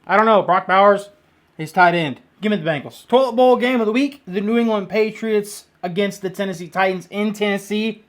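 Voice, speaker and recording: Male sports-picks vlogger, high-pitched, blunt and excitable, casual jokey delivery. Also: brisk. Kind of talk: casual football picks monologue.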